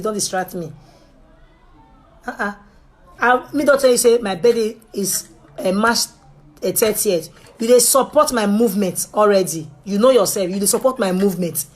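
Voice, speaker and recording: A young woman with a Nigerian Pidgin English accent, chatting straight to her viewers in a pleading, animated way that drops to a hush and rises loud. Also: medium pitch. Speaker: vlogger. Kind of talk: casual direct-to-camera talk.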